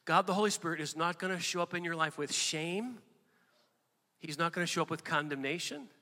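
A man delivers a sermon with animated preaching that keeps surging into emphatic peaks. His voice sits a little high for a man and sounds bright and forceful. A long reverb trails every phrase, as if he is speaking in a large church. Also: brisk. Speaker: pastor.

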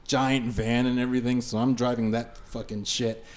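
A man's voice: medium pitch, normal speed. A man on a podcast, a musician telling a road story in casual chat, swearing freely and piling on fillers. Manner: profane, animated anecdote-telling with many fillers.

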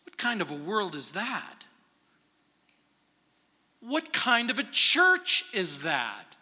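Male pastor, high and piercing, slow deliberate preaching, dramatic loud-to-hushed swings, long church reverb. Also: wildly swooping pitch. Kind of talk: verse-by-verse sermon. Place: large church sanctuary.

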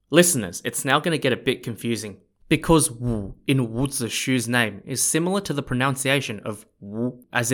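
A man's voice: medium pitch, a bit bright. A man telling an old history story in a casual, chatty way, with asides to his listeners. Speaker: podcast storyteller.

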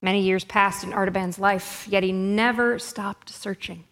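A woman narrates a story in a measured, expressive reading. Her pitch sits in the middle. A long hall reverb trails each line.

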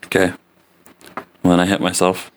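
A man's voice: sits low, completely flat delivery, moderate pace, slight background noise. A man playing a tabletop game who checks the rules carefully and asks many questions. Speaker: player.

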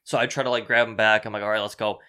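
A young man on a podcast telling a story in casual chat, profane and animated, acting out the people he quotes. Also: lowish voice, very fast, clear, resonant tone.

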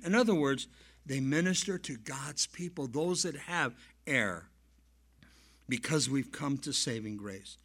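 A male pastor preaching a sermon and telling stories, swinging from soft asides to loud emphasis. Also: medium pitch, a little slow, husky. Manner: animated storyteller, swings between soft and loud. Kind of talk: sermon with storytelling.

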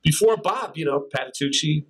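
Older man guest, slightly high voice, rambling storyteller who scats drum rhythms. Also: lively intonation, moderate pace, low-quality recording. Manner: rambling anecdotes with scat-sung drum rhythms and laughs. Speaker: interview guest, drummer. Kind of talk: casual storytelling.

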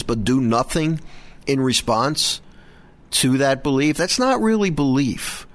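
A man's voice: mid-range voice, very animated, normal speed. A middle-aged man hosting a Catholic radio program, talking earnestly with frequent restarts and repeated words. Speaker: host of a Catholic radio show. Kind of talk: prayer and casual show talk.

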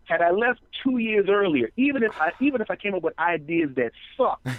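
A high-pitched man tells stories on a comedy podcast. He is excitable and tumbles through restarts, then jumps into quick impressions of the people he describes. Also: narrow, tinny audio. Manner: excitable, doing voices, frequent restarts. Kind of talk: animated storytelling on a comedy podcast.

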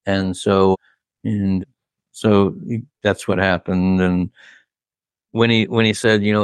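A man's voice: low-pitched, little pitch movement, unhurried, pauses often, clean tone, no room sound. A man, a record producer, telling studio stories in a rambling, casual way, full of "like" and "you know", laughing at his own anecdotes. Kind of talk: casual storytelling.

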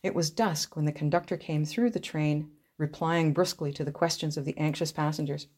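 Woman reading a story aloud, low voice. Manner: measured, expressive. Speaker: narrator.

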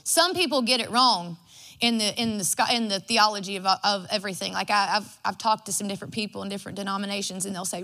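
A woman's voice: medium pitch, quick pace, bright, forceful tone. A woman, preaching a devotional sermon in a folksy storytelling way. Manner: folksy and storytelling, acts out her own quotes.

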